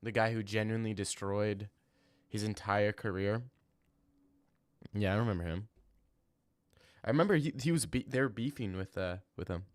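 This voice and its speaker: A brash young man talks casually on a livestream, answering his chat in loose, slangy bursts. His voice sits low, and the sound is dry and close with no room around it. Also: normal speed, pauses often, no room sound. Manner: brash, trash-talking, slangy, rambling. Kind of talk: casual live-stream chat.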